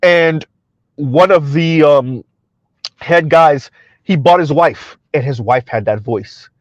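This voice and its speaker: A man's voice: a little high, slow pace, no echo, highs cut off. Chuckling man hosting casual stream commentary. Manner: chuckling often, loose and colloquial. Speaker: livestream commentary host. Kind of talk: casual livestream commentary, reading chat aloud.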